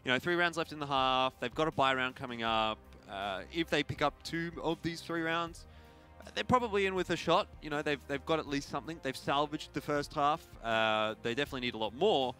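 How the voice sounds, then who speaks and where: Bright-toned male esports analyst. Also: fairly high pitch, a little fast, faint music behind. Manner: relaxed, rambling analysis with fillers. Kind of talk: color commentary.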